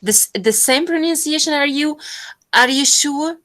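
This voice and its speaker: Woman teacher, bright voice, bit high, lots of uh and like. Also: moderate pace, poor audio. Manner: hesitant, many fillers, switches into Arabic to explain. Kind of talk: online pronunciation lesson.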